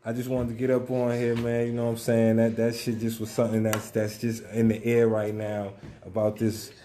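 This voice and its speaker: Laid-back man with a mellow voice. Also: mid-range voice, completely flat delivery, brisk, a little hiss or hum. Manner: loose, profane street talk with many fillers. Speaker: podcast host. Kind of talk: casual podcast chat.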